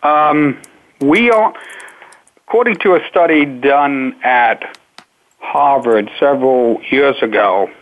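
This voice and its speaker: A man guest explains his craft at a slow, measured pace, pausing often between thoughts. His voice comes through a thin, narrow phone line, like a call patched into a radio show. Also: medium pitch. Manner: measured, unhurried explanations with many pauses. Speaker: speaking coach, interview guest. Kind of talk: radio interview answers.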